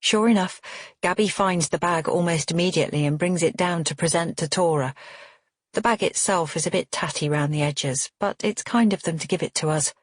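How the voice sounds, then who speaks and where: A woman reading a first-person crime novel in a steady, measured way. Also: on the low side, no room sound, clean studio sound. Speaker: audiobook narrator. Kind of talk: scripted first-person narration.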